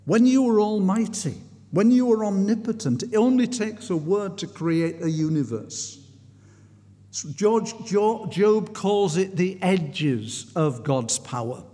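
Preaching slowly in a hall with long reverb, a man tells a story earnestly. His high-pitched voice is animated and mellow, and he often restarts his sentences while his intensity rises.

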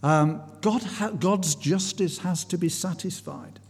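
A man's voice: high-pitched, slow pace, a little mellow, slightly rough. Guy preaching, earnest, stops and restarts a lot, big hall reverb. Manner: earnest storytelling, frequent restarts, rising intensity. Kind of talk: sermon.

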